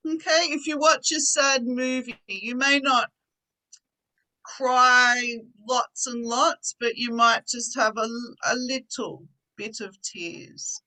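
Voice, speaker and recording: A woman's voice: fairly high pitch, fairly even intonation, takes it slowly, sharp tone, poor audio. A woman teaching an online English class, patiently explaining words with simple examples.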